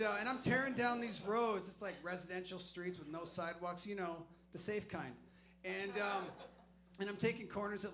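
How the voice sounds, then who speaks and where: A man's voice: high voice, a bit bright. A man doing stand-up comedy on a club stage, telling a profane, rambling, self-deprecating story.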